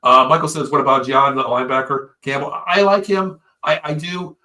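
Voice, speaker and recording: A man co-hosting a casual live sports talk show, an excitable storyteller who swears freely. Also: mid-range voice, brisk. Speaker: podcast co-host.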